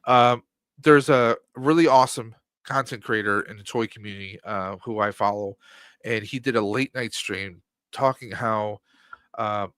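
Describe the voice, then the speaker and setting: A man's voice: fairly low pitch, normal speed, fairly bright tone, smooth, dry recording. A man in his mid-forties, a podcast guest, talking casually and rambling with frequent fillers. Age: 40s. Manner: rambling, lots of fillers like um and you know.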